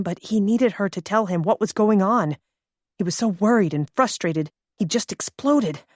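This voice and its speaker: A woman with a mid-range voice narrates an audiobook from a script, keeping a steady, measured storytelling rhythm. The recording is dry, with clean studio sound.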